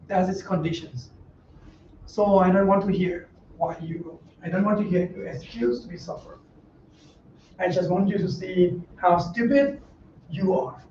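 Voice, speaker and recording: High-voiced monk, roomy and distant. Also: male voice, mellow. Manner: blunt, joking, broken English with laughs. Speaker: monk teaching a Dhamma class. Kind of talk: informal dharma talk. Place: meditation center hall. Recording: roomy, distant, dull mic with faint noise.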